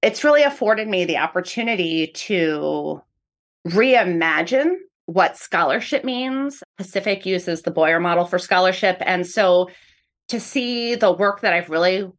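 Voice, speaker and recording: A woman's voice: fairly low pitch, animated, measured pace. Woman academic, earnest explainer in an interview. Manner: earnest, explanatory, repeats "really" often. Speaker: professor of speech-language pathology. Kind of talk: interview answers.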